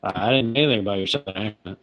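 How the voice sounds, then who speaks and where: A man's voice: fairly low pitch, rapid-fire. A man co-hosting a podcast remotely, teasing the others in a dry way. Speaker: podcast co-host. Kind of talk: casual joking banter. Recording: dull remote internet line.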